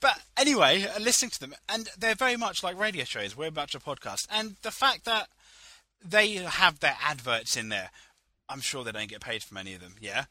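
Young man chatting loosely, bright voice. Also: a little high, expressive, normal speed, dry recording. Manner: chatty, rambling, laughs often. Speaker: podcast co-host. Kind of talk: casual chat.

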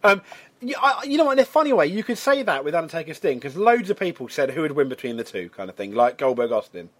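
A podcast co-host in a casual wrestling chat speaks with a fairly high, very animated voice at a quick pace. He sounds hesitant, stumbling through fillers and restarts as he weighs his opinions.

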